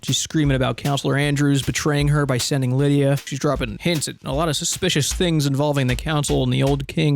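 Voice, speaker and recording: Wry, gravelly-voiced young man gaming. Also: medium pitch, a little hiss or hum. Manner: sarcastic and joking, swears, playful role-play toward characters. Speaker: gaming streamer. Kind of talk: playthrough commentary, reading quest dialogue aloud.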